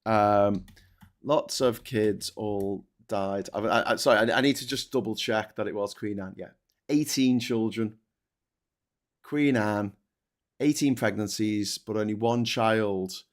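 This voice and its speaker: Brief: blunt, swearing British co-host, low-ish voice, rambling live chat. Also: male voice, unhurried. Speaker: co-host reading viewer comments. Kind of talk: casual live-stream chat.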